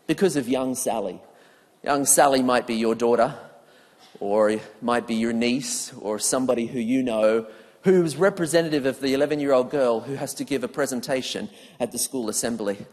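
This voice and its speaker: A man preaching a sermon that mixes scripture and neuroscience, telling stories with humor and acting out what people say. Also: medium pitch. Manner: animated storyteller who acts out quotes with humor. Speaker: preacher and speaker. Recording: long hall reverb.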